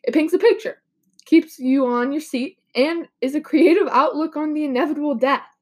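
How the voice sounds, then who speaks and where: A woman's voice: high-pitched, normal speed. A young woman, a little sick and coughing, earnestly explaining a poem as a podcast guest in a casual way. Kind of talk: mock podcast poetry analysis.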